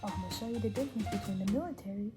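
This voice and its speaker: A woman voicing a smug, threatening male soldier commander in a lower, quieter voice than her own while retelling a video game scene. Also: racing, loud music behind the voice, close to an everyday voice. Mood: menacing.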